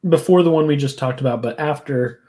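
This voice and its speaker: A podcast co-host in casual chat, animated and laughing, acting out quoted lines with big jumps in pitch. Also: a little fast, a little hiss or hum.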